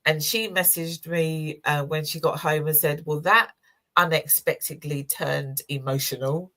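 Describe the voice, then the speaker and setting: A woman's voice: deep voice, fairly even intonation, unhurried. A woman in her sixties co-hosting a community chat show, telling personal stories in an emotional, chatty way. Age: 60s. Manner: warm, emotional storytelling with laughs. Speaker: co-host. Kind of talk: casual chat.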